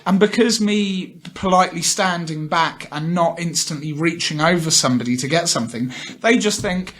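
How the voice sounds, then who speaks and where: Irish guy on a podcast, high voice, tells a story with lots of little voices for people. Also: moderate pace, few pauses. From Ireland. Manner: animated anecdote-telling, puts on voices for quoted people. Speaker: podcast co-host. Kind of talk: casual chat, storytelling.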